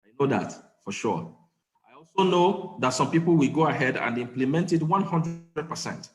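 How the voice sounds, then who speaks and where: A man hosting an online meeting over a video call, thanking the guest warmly and leading the group. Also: medium pitch, animated, moderate pace. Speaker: meeting host. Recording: echoey room with faint noise.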